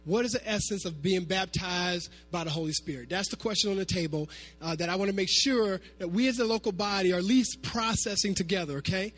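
A pastor delivers his sermon in a fairly high voice, lively and half-sung at times. Faint music plays underneath his words. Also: a little fast. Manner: animated preaching, sometimes half-singing his phrases.

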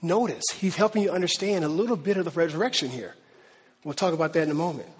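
A man preaching a sermon as a pastor, in a conversational, animated style with slangy asides. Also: a little high, quick pace, husky. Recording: reverberant hall.

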